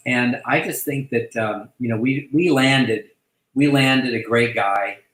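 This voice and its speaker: A man hosting a casual online chat who talks effusively, halting often to restart his sentences. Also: mid-range voice, fairly bright tone, reverberant, poor audio. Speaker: host welcoming a new agent.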